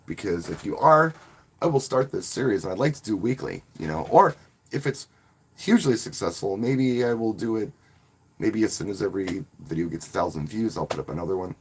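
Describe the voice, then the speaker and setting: A man's voice: fairly low pitch, lively intonation, a little fast, slightly rough. A man who works as a wedding DJ, casually talking to viewers on a live stream in a rambling, friendly way and often restarting his words. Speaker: wedding DJ and channel host.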